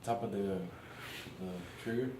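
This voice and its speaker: A man answering an instructor in short, quiet replies as a student. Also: fairly low pitch, fairly even intonation, moderate pace, husky, poor audio.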